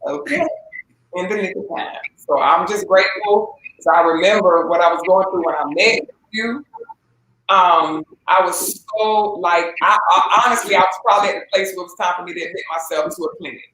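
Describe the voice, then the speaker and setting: A woman giving a halting, emotional personal testimony as an interview guest, with many fillers and restarts. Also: fairly low pitch, a bit bright, slight background noise. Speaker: interview guest, gospel singer. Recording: echoey room with faint ambience.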